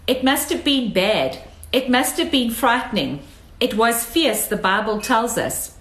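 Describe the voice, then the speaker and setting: A woman's voice: fairly high pitch, lively intonation, unhurried, a bit bright. A woman preaching a sermon, emphatic and fond of repeating phrases for effect. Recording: echoey room.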